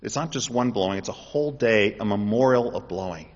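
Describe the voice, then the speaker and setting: A man preaching a sermon, shifting between explaining and loud, impassioned pleas. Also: lowish voice, a little fast. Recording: dull audio in a reverberant hall.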